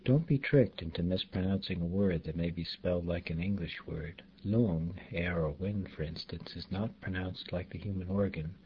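A man teaching pronunciation in a slow, deliberate way, spelling out sounds and repeating example words. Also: deep voice. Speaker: language teacher. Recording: dull lo-fi recording, faint background noise.

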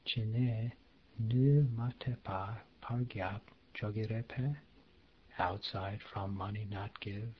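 A man reading a language lesson aloud, slowly and carefully, giving word-by-word glosses. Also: fairly low pitch, dull audio, a little hiss or hum. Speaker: language teacher.

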